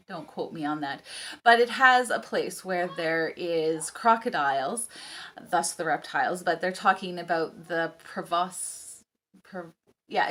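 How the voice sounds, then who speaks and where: A woman's voice: lowish voice, bright, forceful tone. A woman in her thirties, a homeschooling mom, chatting casually to camera in a rambling way with ums and laughing asides.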